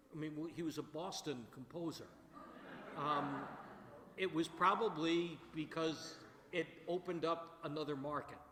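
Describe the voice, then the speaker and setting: Slow-talking choir director in echoey hall. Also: male voice, on the high side, a little hiss or hum. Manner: relaxed, thinking aloud with many fillers. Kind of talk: rehearsal instruction. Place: large echoey rehearsal hall. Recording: echoey hall with long reverb, faint music.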